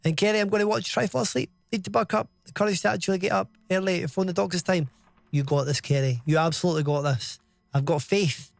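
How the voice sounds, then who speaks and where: A man's voice: sits high, steady tone, quick pace, vocal fry, no room sound, faint music behind. A Scottish man in his thirties giving chatty live commentary while streaming a game, reading out chat and swearing casually. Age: 30s.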